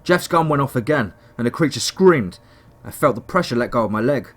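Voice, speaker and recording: A man's voice: mid-range voice, expressive, fairly quick. A man narrating a first-person horror story in a dramatic, tense storytelling manner.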